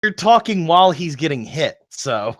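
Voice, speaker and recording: A man playing at a tabletop game table, excitable and quick to jump in about the rules. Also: fairly high pitch, dry recording, studio quality. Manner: excitable, jumps in to argue rules. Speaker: player.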